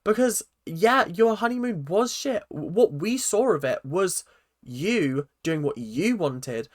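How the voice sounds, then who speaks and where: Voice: mid-range voice, animated, slow, no room sound, studio quality. Blunt, opinionated vlogger ranting. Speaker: reaction vlogger. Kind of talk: ranting reality-TV commentary.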